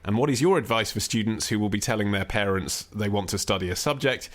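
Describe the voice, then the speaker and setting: Fast-talking low-voiced man. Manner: wry, rambling storyteller who acts out quotes. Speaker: podcast co-host. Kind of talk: casual chat.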